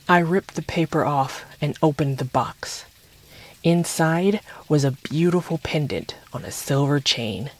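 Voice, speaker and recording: A man reading a chapter book aloud in a calm, steady storytelling voice. His pitch sits a little above the usual male range. Even and unhurried.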